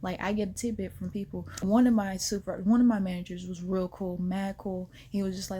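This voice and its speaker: A woman vlogger telling a personal story in a casual, slangy way, animated, with whispered asides. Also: mid-range voice, brisk, few pauses, husky.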